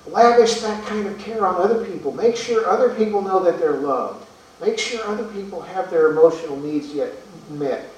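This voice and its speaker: Preacher heard from afar in an echoey hall. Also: male voice, sits high, lively intonation, moderate pace, slight background noise. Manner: earnest, rhetorical questions, repeats words. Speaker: pastor. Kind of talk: sermon. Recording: echoey room from far off.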